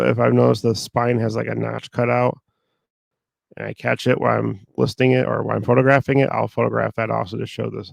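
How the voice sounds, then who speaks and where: A man with a gravelly, somewhat low voice talks in a flat monotone, a sore throat weighing on it. He rambles casually as he works at his computer. The sound is close and dry. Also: dry recording. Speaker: online reseller. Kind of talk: casual talk while working.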